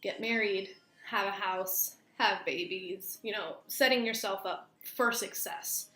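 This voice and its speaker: Her voice is medium-pitched, pushed and bright, and she takes her time. A young adult woman vlogger, she shares a personal story storytime-style, casual and chatty with plenty of "like" fillers, in a room with audible echo and faint noise.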